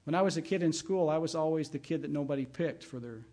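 A man's voice: fairly high pitch, fast, a little mellow. A middle-aged man, a pastor, giving a sermon in a conversational way and weaving in personal stories. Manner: conversational preaching with personal anecdotes.

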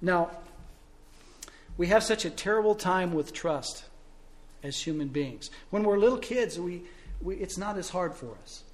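A male pastor preaching a sermon, telling stories and asking rhetorical questions, swinging between loud and soft. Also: sits high, animated, measured pace, long pauses.

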